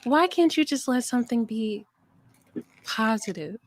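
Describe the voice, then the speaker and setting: Soft-spoken, low-key woman in her twenties. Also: animated, measured pace, no room sound, clean studio sound. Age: 20s. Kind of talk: casual chat.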